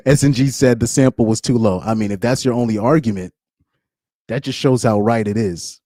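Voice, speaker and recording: A man talking through a casual live stream at a middle pitch, rambling and stumbling over repeated words. He breaks into laughs often. The sound is dry and close to the mic. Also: normal speed, long pauses, warm tone, no room sound. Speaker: commentary streamer.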